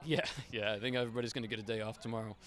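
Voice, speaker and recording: A man coaching high school soccer, giving a post-game interview outdoors with a voice he is losing, talking in a rambling way with many fillers. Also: little pitch movement, racing, fairly bright tone, dry recording. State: losing his voice.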